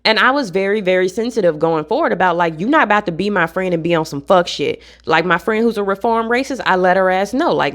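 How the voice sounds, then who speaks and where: A woman's voice: medium pitch, quick pace, few pauses. A young adult woman vlogging to camera in a casual rant, blunt and profane.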